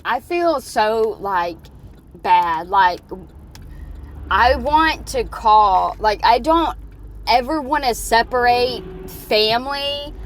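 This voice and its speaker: A woman's voice: on the high side, expressive, takes it slowly. A woman vlogger ranting and swearing while she drives, talking into her phone. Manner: swearing, heated and rambling. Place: in a car.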